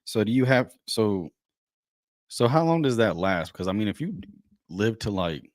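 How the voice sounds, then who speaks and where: This is a man hosting a casual podcast. His voice sits low, and he tells stories in a loose, laid-back way, swearing often. The sound is dry and close, with no room around it. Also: sing-song, normal speed, dry recording. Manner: laid-back, profane storytelling. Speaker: podcast host. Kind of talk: casual chat.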